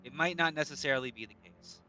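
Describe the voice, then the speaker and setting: A man's voice: on the high side, quick pace, sharp tone, faint music behind. A man playing in a tabletop game, joking and playful. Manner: playful, jokey. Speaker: player. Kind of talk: casual tabletop play.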